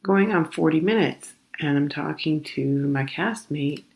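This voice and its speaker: A woman hosting a podcast, telling a comedic story in an animated, rambling way and acting out the other people in it. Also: sits low, a little slow, gravelly. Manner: exasperated, rambling retelling. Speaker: podcast host.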